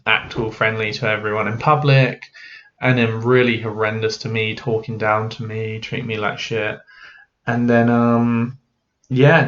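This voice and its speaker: Male vlogger, candid and unpolished, average pitch, muffled lo-fi audio. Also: a bit bright. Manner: frank, halting, with many "you know" and "um" fillers. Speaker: mental health vlogger. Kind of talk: candid personal talk to camera. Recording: dull lo-fi audio.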